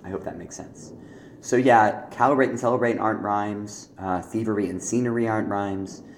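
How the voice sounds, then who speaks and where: A man giving spoken feedback on rhyme exercises as a teacher, explaining patiently with fillers and frequent throat-clearing. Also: fairly low pitch, moderate pace, echoey room, a little hiss or hum.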